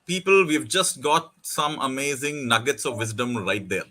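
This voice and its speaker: A man's voice: medium pitch, moderate pace, pushed and bright. A man hosting a live online interview, reading out audience questions. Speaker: host. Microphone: video call.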